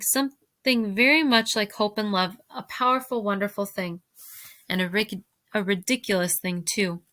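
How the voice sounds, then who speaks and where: A woman teacher reads a novel aloud to her fifth-grade class, expressive and speaking directly to her listeners. Her voice is mid-range, with no echo in the recording.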